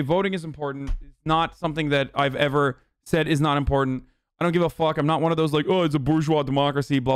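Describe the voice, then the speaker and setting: A man's voice: clean tone, no echo, clean studio sound. Profane, ranting male streamer. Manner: profane, heated, rapid ranting; mocks chat in a sarcastic high voice. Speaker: livestream political commentator. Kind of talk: livestream commentary.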